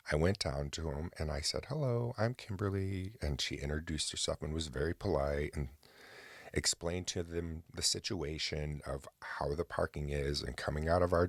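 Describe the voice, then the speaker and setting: A man's voice: rumbling low, gravelly, slightly rough, no room sound, studio quality. A man hosting a podcast, telling a personal story in a chatty rambling way with hesitant restarts. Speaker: podcast host. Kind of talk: casual rambling monologue.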